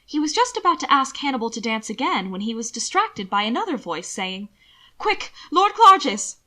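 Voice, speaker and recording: A woman narrating a fan fiction audiobook with expressive storytelling. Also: on the high side, brisk.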